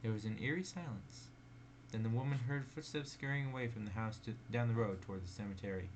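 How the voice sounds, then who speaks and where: A man's voice: lowish voice, quick pace, background noise. A man reading spooky stories aloud in a casual way, stumbling and correcting himself. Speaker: reader.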